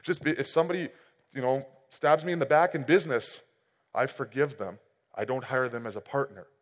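A man in his thirties preaching a sermon, telling a personal story and swinging between loud and quiet passages. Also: mid-range voice, fairly quick, in a large hall. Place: church hall.

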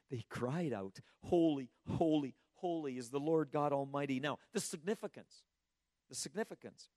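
A slightly hoarse man preaching a sermon in an earnest, emphatic way, asking rhetorical questions and often restarting his words. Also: mid-range voice, darkish tone, no echo, studio quality. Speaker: pastor.

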